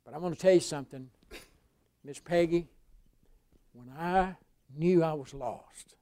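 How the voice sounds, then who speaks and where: A pastor preaching in a folksy storytelling voice, pitched a little high for a man. He drops to a hush and then rises to a shout. The sound is dry and close-miked. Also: a little slow, dry recording. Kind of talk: sermon testimony.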